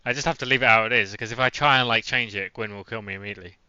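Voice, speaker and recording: A man's voice: lowish voice, racing, bright, forceful tone, clean tone, dry recording, muffled recording. A young man with an English accent, chatting offhand and dry while streaming a game on a voice call. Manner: dry, offhand remarks on his own play. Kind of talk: casual chat while gaming.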